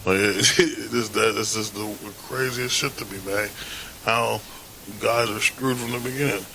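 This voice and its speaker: Blunt, cussing man rambling, lowish voice. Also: steady tone, measured pace, vocal fry, bright, forceful tone, a little hiss or hum, poor audio. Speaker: podcast host. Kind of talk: casual monologue.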